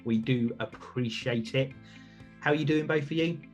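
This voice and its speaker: A man's voice: medium pitch, moderate pace, muffled recording, soft background music. A man hosting a podcast, chatting casually in an upbeat, self-reflective way. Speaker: podcast host.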